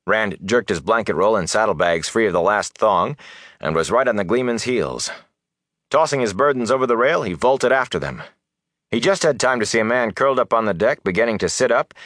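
Man narrating an audiobook, low voice, lively delivery, dry close sound. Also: no echo.

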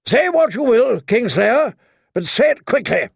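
A man's voice: very high voice, sing-song, measured pace, vocal fry, breathy edge, dry recording, clean studio sound, voice pushed up, heavily acted. A man voicing a proud older knight captain who calls out commands in a raised voice. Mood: commanding.

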